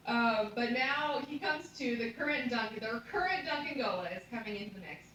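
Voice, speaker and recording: A woman giving an animated comic breakdown of a story, swearing and laughing as she goes. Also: on the high side, a little fast, very echoey, distant mic, a little hiss or hum, low-quality recording. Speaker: commentator.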